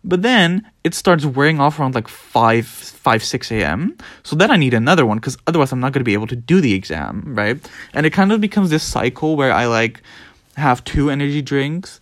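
Animated young Dutch man rambling. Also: fairly quick, no room sound. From Netherlands. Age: young adult. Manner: animated, profane, mimics others in squeaky voices. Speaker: podcast host. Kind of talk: casual rambling monologue.

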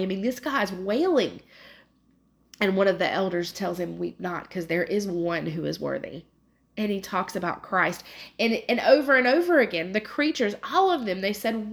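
Lady reading scripture then leading prayer, earnest and emotional, bit of vocal fry. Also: mid-range voice. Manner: earnest, emotional, with many restarts. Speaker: prayer leader.

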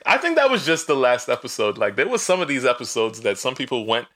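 A man's voice: medium pitch, big pitch swings, fast talker, fairly bright tone. Joking young man co-hosting a podcast. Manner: joking, teasing banter. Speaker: podcast co-host. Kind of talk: casual chat.

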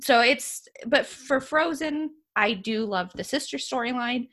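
A woman co-hosting a relaxed chat show, with a slightly high voice. She talks in an animated, opinionated way and laughs often. Her speech is casual and loose. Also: a little slow. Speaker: podcast co-host.

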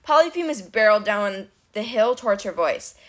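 A woman reading a novel aloud in storybook narration, with an animated, wry delivery. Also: mid-range voice, moderate pace. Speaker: reader of a novel.

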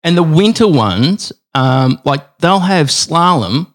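An Australian man chats as a podcast guest, spinning rambling, playful stories. His voice sits a little high and swings widely in pitch. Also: expressive, slow. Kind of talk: casual podcast chat.

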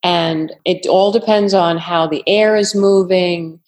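Retired agent, woman, New York accent, lower pitch, measured and thoughtful. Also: steady tone, darkish tone. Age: older. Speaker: retired FBI agent, guest. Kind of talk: interview answers.

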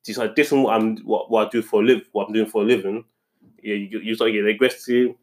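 A man's voice: lowish voice, fairly even intonation, fast talker, a little mellow. A young man in casual chat, telling a story indignantly and rambling, with many restarts. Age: young adult.

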